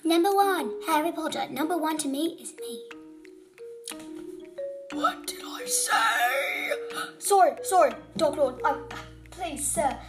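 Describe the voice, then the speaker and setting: In a high, expressive voice that takes its time, a child gleefully plays a bragging, scatterbrained female witch villain. It's a fan role-play video with music running underneath.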